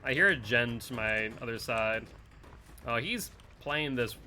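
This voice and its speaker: A man's voice: mid-range voice, animated, unhurried, bright, forceful tone, faint music behind. A man streaming a horror game live, chatting casually with viewers and commenting on his play in a playful, teasing way. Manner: chatty, reads chat aloud, playful teasing.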